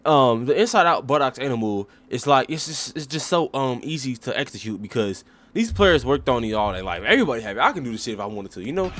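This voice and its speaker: A man's voice: mid-range voice, expressive, quick pace, a bit bright. Profane man joking through game film. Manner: profane, rambling, mock-serious. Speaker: host. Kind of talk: comic sports breakdown.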